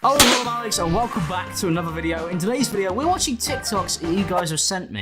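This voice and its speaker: A man's voice: high voice, sing-song, fast, hardly any pauses, loud music behind the voice. A man hosting a reaction video, talking in a sarcastic, theatrical, mock-whiny way. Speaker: host. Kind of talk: reaction commentary.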